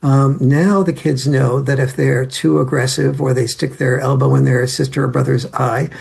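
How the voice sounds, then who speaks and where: A man's voice: mid-range voice, fairly even intonation, normal speed, gravelly, a little mellow, slightly rough. A man being interviewed as a guest author, giving long, rambling answers with many fillers and restarts and acting out what family members say.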